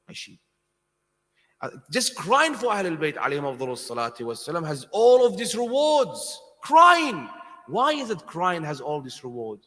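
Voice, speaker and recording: A man delivering an impassioned religious sermon, his fairly high voice climbing into emotional cries as he tells stories. He questions the congregation directly. The sound rings with a long hall reverb. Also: a bit bright. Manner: asks the audience questions directly. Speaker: preacher. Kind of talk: Muharram sermon.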